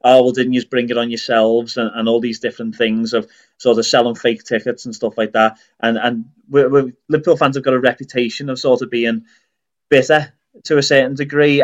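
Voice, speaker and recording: A man's voice: medium pitch, highs cut off. A man from Northern Ireland co-hosting a casual podcast, explaining earnestly in long run-on sentences. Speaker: podcast co-host.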